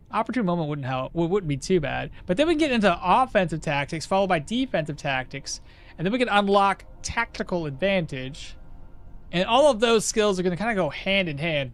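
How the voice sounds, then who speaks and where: A man streaming a game live, chatty and excitable, explaining his build and answering his chat. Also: high-pitched. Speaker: gaming streamer. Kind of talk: live gameplay commentary.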